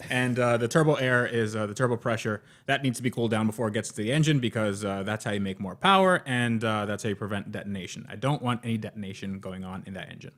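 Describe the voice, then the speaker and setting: A man's voice: lowish voice, fast talker, hardly any pauses, a bit bright. A young man hosting a casual car podcast, talking in a rambling, jokey way with lots of fillers and restarts. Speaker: podcast host.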